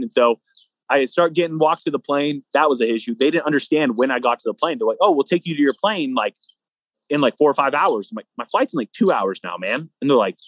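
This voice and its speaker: A young man appearing as a guest athlete tells a long story in a casual, animated way, performing both sides of the conversation. His voice is on the high side, and the recording is dry.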